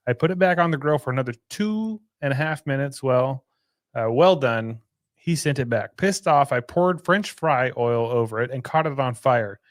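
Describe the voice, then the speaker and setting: A man's voice: mid-range voice, lively intonation, normal speed, dry recording, clean studio sound. A man from Texas co-hosting a casual podcast, laid-back and teasing. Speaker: podcast co-host. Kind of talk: casual chat, reading a listener story.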